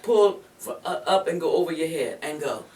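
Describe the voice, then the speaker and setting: A woman's voice: low voice, expressive, normal speed, darkish tone. Encouraging vocal coach woman, echoey room. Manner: encouraging and chatty, calls the student "girl". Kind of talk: voice lesson instruction. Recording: echoey room, mic far off, background noise.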